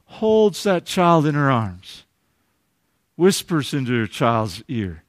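A man preaching a sermon as pastor, earnest, moving from lively passages to hushed, tender ones. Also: medium pitch, takes it slowly, no echo, clean studio sound.

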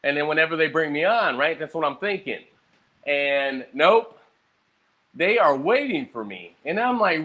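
A young man in a loose, profane ramble, tired and a bit hungover. His voice sits somewhat high and swings widely as he tells his stories. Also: unhurried. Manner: profane, rambling, animated storytelling. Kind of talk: casual rambling monologue.

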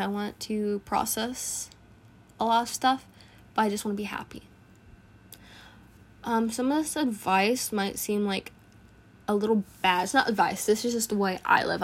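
A teenage girl talks through a casual personal podcast monologue. She sounds earnest and reflective, with a voice of ordinary middle pitch, and her thoughts come out in short bursts. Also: steady tone, normal speed. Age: teens. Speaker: podcast host.

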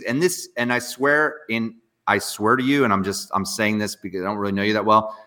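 A man, an entrepreneur guest talking with hyper, fast energy in an interview. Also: lowish voice. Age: 40s. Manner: energetic, hyper, talks fast with bursts of excitement. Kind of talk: interview conversation.

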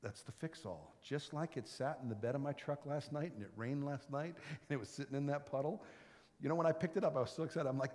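A man preaching a sermon, telling the story with dramatic swings from loud and excited to quiet and whispered. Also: medium pitch, quick pace, in a large hall.

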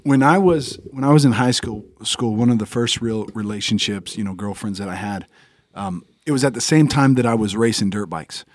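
A man's voice: lowish voice, a little fast, dry recording. A man in casual podcast chat who tells rambling stories and corrects himself as he goes. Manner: rambling, self-correcting storyteller. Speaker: podcast co-host or guest.

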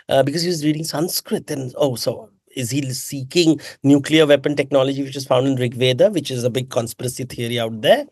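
A man talks in an animated, emphatic way, firing off rhetorical questions and correcting himself mid-sentence. His voice sits in a middle range, and the recording is dry and close. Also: medium pitch, fairly quick, hardly any pauses, slightly rough, no room sound. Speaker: author and mythologist guest. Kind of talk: conversational interview answers.

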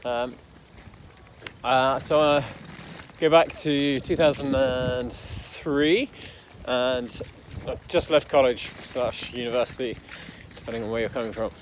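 With a little hiss or hum in the recording, a young entrepreneur from the English Midlands slowly recounts his backstory in a mid-range voice. The casual storytelling rambles, packed with fillers and heated swearing.

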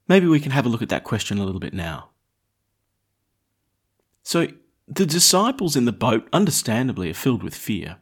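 Priest, male, animated homily delivery with a varied pitch. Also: slightly rough. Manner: lively, conversational preaching with rising emphasis. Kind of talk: gospel reading and homily.

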